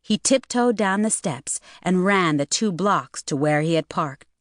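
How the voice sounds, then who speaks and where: A woman narrating an audiobook in a steady, even reading voice. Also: fairly low pitch, a little slow, dry recording, clean studio sound. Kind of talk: scripted narration.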